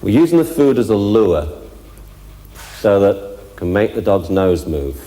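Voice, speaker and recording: A man's voice: on the low side, big pitch swings, unhurried, mellow. A man working as a dog trainer, explaining step by step in a chatty way during a live demonstration with several dogs. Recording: echoey hall with faint ambience.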